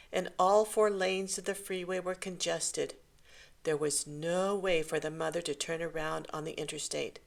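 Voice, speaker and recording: A woman reading a short story aloud in a gentle, measured way. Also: fairly low pitch, vocal fry. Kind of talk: scripted story narration.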